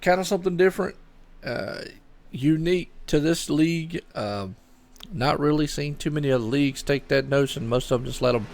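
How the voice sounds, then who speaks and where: A man's voice: on the high side, normal speed, creaky. A middle-aged man, doing solo live commentary on a sim race and chatting loosely with viewers. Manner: chatty, rambling, talks to chat viewers.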